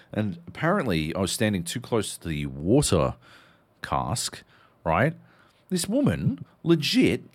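A man co-hosting a podcast, telling stories in animated casual chat and swearing often. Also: on the low side. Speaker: podcast co-host.

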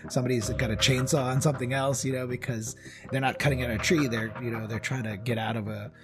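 A man's voice: medium pitch, steady tone, fast talker. A middle-aged man co-hosting a casual podcast, talking in an easygoing, rambling way. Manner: easygoing, rambling, frequent fillers. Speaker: podcast co-host. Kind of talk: casual chat.

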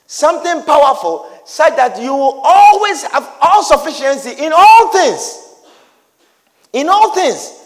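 Male preacher, emphatic and repetitive delivery, swooping lively pitch. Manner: emphatic, repetitive, rising to shouts. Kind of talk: sermon. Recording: reverberant hall.

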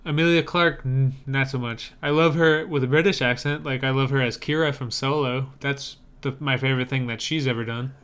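Podcast co-host, male; bright, crisp voice; easygoing and opinionated. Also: mid-range voice, steady tone, fairly quick, hardly any pauses. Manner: opinionated, easygoing, with frequent fillers. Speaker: podcast co-host reviewing movie trailers. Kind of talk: casual chat.

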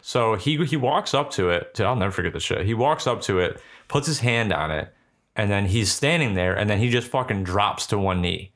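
A man's voice: on the low side, expressive, normal speed, a bit bright. Young man telling a rambling story. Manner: rambling, profane, heavy filler words. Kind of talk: casual storytelling chat.

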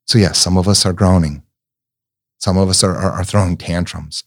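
This middle-aged man speaks low, at a moderate pace and with fairly even intonation. His talk is earnest and reflective, like a sermon, as he gently recounts personal stories and repeats words often while hunting for them.

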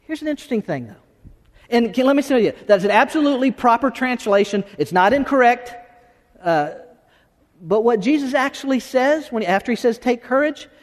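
A man preaching a sermon as pastor, talking in an animated, conversational way with many restarts. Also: very high voice. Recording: long hall reverb.

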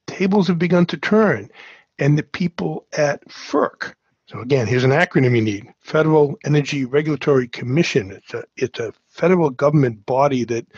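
A man's voice: mid-range voice, breathy edge, dry recording. A man with a Boston accent hosting a climate podcast interview, explaining things step by step in an earnest way. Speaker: podcast host. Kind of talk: casual interview. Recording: muffled, lo-fi dry audio.

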